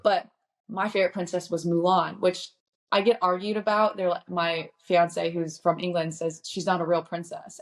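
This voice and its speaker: Chatty lower-voiced young woman guest. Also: little pitch movement, moderate pace. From Indiana, US. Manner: chatty, upbeat storytelling. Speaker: guest, children's book author. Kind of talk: casual podcast interview.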